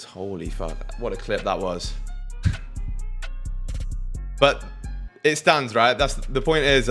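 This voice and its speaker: A man's voice: mid-range voice, fairly bright tone. Slangy young British man streaming. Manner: slangy, chatty, addresses chat directly. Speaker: live-streaming trader. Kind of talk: casual live-stream commentary.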